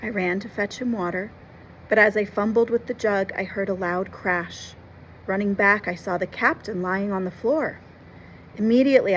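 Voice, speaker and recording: A woman reading a classic adventure novel aloud, expressively, pausing to explain words and events for children. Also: medium pitch, slight background noise, poor audio. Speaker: storyteller and teacher.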